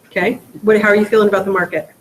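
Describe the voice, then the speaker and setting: A woman teaching a rookie real estate class, lively, acting out conversations with buyers and sellers and quizzing her students. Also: medium pitch, rapid-fire, slight background noise, low-quality recording. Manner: animated, acts out client dialogue, asks the room questions. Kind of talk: classroom training talk. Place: training room.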